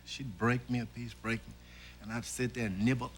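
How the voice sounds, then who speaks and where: A man's voice: medium pitch, steady tone, moderate pace, slightly rough. A man telling anecdotes as a talk show guest, chuckling and acting out the voices he quotes. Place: TV studio.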